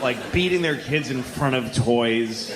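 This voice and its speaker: A man doing stand-up storytelling, profane and animated, acting out the people in his story with big swings of voice. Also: medium pitch, measured pace, long reverb tail, noisy background. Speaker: stand-up comedian.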